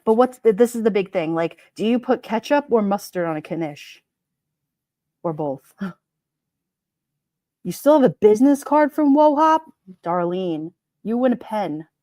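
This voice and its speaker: A woman's voice: mid-range voice, lively intonation, a little slow, pauses often, mellow, no echo, clean studio sound. A middle-aged woman with a New York accent, hosting a casual livestream and chatting with viewers as she reads their comments, joking and laughing often. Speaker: livestream host. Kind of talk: casual live chat reading comments.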